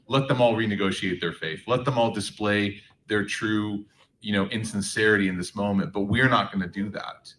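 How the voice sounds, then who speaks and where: A man's voice: mid-range voice, distant mic, low-quality recording. A man giving a faith talk to a live audience, telling humorous stories with lots of fillers. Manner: animated, humorous storytelling, many fillers.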